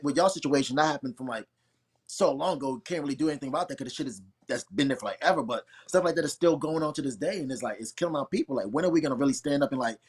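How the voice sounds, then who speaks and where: A man's voice: mid-range voice, breathy edge. A man guesting on a casual talk show, talking heatedly and bluntly in a ranting manner.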